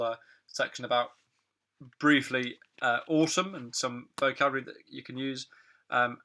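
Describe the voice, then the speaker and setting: A man teaching an online English lesson on phrasal verbs, talking in a relaxed, chatty way with many fillers and asides. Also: medium pitch.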